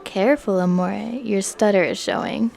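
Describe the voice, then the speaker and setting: A woman voicing a suave, menacing young crime boss in a whispered role-play, deep and gruff in tone, with a faint hiss behind her. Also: lively intonation, normal speed, a little mellow.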